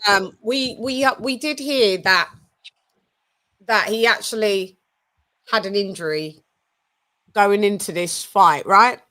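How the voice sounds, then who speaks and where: A woman's voice: mid-range voice, slow pace, pauses often, sharp tone. A British woman hosting a casual online show, chatty, laughing and loose with her words. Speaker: host. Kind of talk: casual chat.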